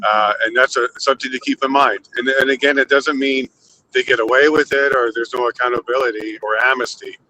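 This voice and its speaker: A male talk show host speaks reflectively and leads the talk with questions. His voice is bright and forceful. A faint hiss sits underneath it. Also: medium pitch, fairly even intonation, fairly quick, rough recording. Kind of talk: casual talk show chat.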